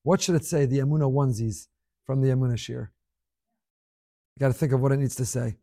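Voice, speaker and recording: A middle-aged man teaching a Torah class, reading listener emails aloud with animated, emphatic delivery and scattered Hebrew terms. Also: medium pitch, fast talker, dry recording, studio quality.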